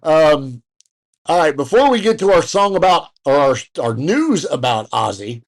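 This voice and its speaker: A man's voice: fairly high pitch, very animated, unhurried. A man co-hosting a casual podcast, rambling through news with fillers, restarts and jokey asides. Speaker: podcast co-host. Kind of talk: casual chat.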